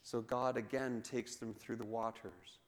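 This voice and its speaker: A man preaching a sermon in a church, telling the story with animated delivery and acting out the voices of the crowd. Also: medium pitch, measured pace. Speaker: pastor. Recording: long reverb of a church hall.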